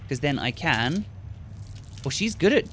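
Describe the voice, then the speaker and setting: A man giving excited commentary on a horror game while playing, swearing often and switching between low mutters and sudden yells. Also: a little slow, slight background noise. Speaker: gaming video creator. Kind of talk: gameplay commentary. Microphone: gaming headset.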